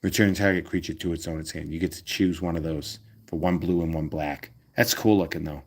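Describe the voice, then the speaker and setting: Casting: a male host from Massachusetts, eager and chatty, with a slightly low voice, reading cards aloud. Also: fairly even intonation, fairly quick. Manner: enthusiastic, reads card text aloud. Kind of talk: casual card-opening chat.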